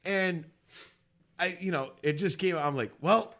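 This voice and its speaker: Laughing man telling a story, slightly high voice. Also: normal speed, fairly bright tone. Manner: laughs often, acts out quotes in a raised voice. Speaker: podcast co-host. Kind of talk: casual storytelling chat.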